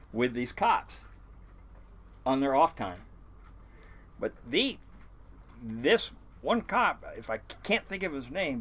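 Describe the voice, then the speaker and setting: This is an older man who captains a fishing boat, spinning loose, wandering stories for a casual interviewer. He curses often, chuckles, and keeps starting over, all in a mid-range voice.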